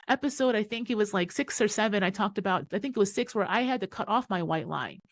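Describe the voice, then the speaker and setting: A woman's voice: medium pitch, expressive, fast talker. A woman hosting a podcast, telling a personal story in a casual, emphatic and profane way. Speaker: podcast host.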